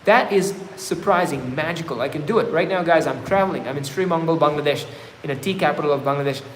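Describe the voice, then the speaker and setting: A man's voice: on the high side, fast, a little hiss or hum. A man hosting a live stream, earnestly coaching viewers with repeated affirmations. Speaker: livestream host. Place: travelling, indoors. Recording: echoey room, faint ambience.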